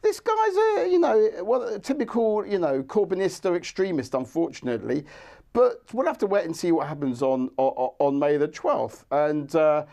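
A man's voice: on the high side, sing-song, moderate pace, vocal fry, warm tone. A male journalist debating on television, mocking and dismissive of his opponent. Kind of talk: heated TV debate argument.

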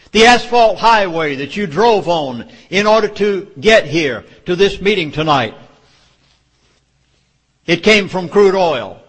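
Speaking to a public meeting in a hall with long reverb, a man with a Southern US accent lectures his audience in an urgent, emphatic speech. His voice sits high and is expressive, unhurried and a bit bright.

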